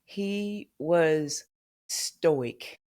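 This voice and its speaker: A woman's voice: sits low, lively intonation, drawn-out words, darkish tone. Candid older woman telling family stories. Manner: candid storyteller who acts out quoted family members. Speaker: memoir author guest. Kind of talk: podcast interview storytelling.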